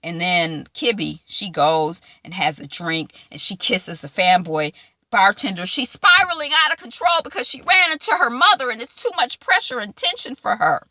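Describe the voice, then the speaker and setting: Animated woman recapping a TV episode. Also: mid-range voice, dry recording. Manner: animated, acts out quoted lines in quick asides. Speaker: TV show reviewer.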